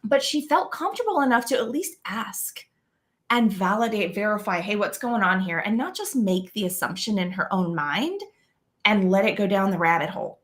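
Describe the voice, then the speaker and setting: A woman's voice: mid-range voice, very animated, moderate pace. A middle-aged woman, a guest, telling a parenting story in an earnest way and often adding "right?". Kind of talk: casual chat.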